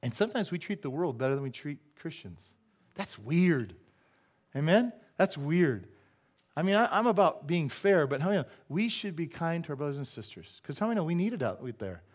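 Joking pastor guy preaching in church, kinda high voice, keeps asking amen. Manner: animated, joking, asks the congregation "amen?"; does quick silly voices and sound effects. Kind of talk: sermon. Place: church sanctuary.

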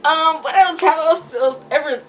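A woman's voice: high-pitched, moderate pace. Chatty young woman vlogger. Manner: chatty, rambling storytelling with frequent laughs. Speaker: beauty vlogger. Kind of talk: casual chat while doing makeup.

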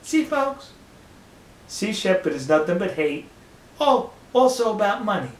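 Older male host, high-pitched, sneering and emphatic, echoey room. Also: lively intonation. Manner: scornful, mocking, slow emphatic delivery. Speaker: commentary video host. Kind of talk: opinion monologue.

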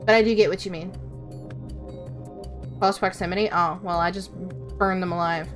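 A woman's voice: lowish voice, fairly even intonation, normal speed, soft background music. A woman VTuber streaming a game, chatting casually with her chat, answering questions and swearing offhand. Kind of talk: casual livestream chat while gaming.

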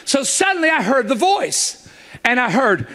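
A man preaching a sermon to a church congregation, telling stories with jokes and quick asides to his listeners. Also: very high-pitched. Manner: animated, joking storyteller with quick asides; speaks directly to the audience.

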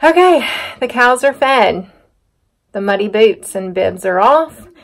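With lively intonation and a mid-range voice, a middle-aged North Carolina woman with a drawl chats to her viewers like a comfortable, unhurried farm vlogger. Her talk rambles through side stories and self-mockery, set first on a muddy farm, then in a home kitchen.

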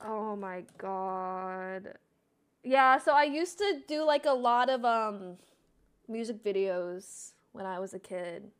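A woman in her twenties, streaming and chatting casually as she reacts, given to loud embarrassed exclamations. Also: mid-range voice, takes it slowly, smooth. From United States. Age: 20s. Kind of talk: casual chat reacting to old videos.

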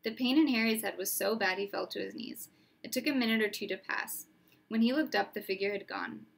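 A woman narrating a storybook aloud in a steady, expressive way. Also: mid-range voice, brisk, gravelly. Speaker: reader.

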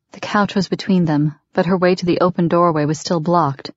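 A woman's voice: on the low side, fairly even intonation, a little fast, hardly any pauses, dry recording. Woman narrating an audiobook, dry sound. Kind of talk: scripted narration. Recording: dry, dull lo-fi recording.

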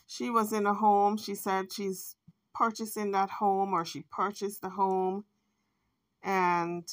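A woman's voice: on the low side, fairly bright tone. Chatty woman vlogger recapping. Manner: chatty, speculating. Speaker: commentary channel host. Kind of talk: casual commentary vlog.

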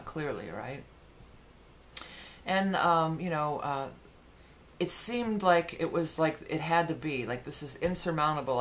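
Woman tarot reader, deep voice, chatty and rambling, faint hiss behind. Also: a bit bright. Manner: chatty, rambling, with many fillers and restarts. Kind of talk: casual monthly tarot forecast.

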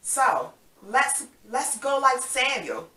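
A woman's voice: sits high, very animated, slow, pushed and bright. A woman leading young children through a Bible story, coaxing and playful as she acts it out. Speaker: children's Sabbath School teacher. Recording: echoey room from far off.

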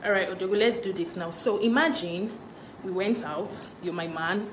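A woman's voice: medium pitch, moderate pace. A young woman in a comedy skit, talking in a dismissive, exasperated way. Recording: echoey room with faint hiss.

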